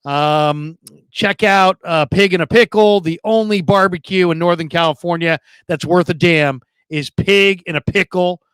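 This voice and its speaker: A man with a high voice hosts a loose live sports stream. He tells rambling funny stories and reads viewer comments aloud. The sound is close and dry, with no room. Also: unhurried, a bit bright, smooth, no room sound. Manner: joking storyteller, reads chat comments aloud. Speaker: podcast host.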